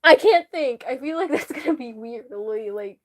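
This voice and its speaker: A woman's voice: fairly high pitch, expressive, normal speed, dry recording, clean studio sound. A woman who is sick and sniffling, chatting casually and giggling while she shows her drawings. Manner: giggly, laughs often, self-mocking. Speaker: artist showing her drawings.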